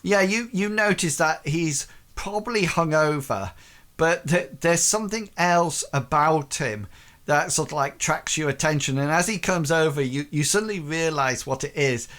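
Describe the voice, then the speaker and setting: A man's voice: a little high, normal speed, a bit bright. A man narrating a tabletop game as game master, hesitant and full of fillers.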